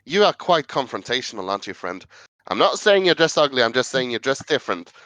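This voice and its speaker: A man voicing a smooth, friendly male half-elf who talks in a folksy, soothing way and calls people friend. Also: medium pitch, big pitch swings, brisk, bright, forceful tone, no echo.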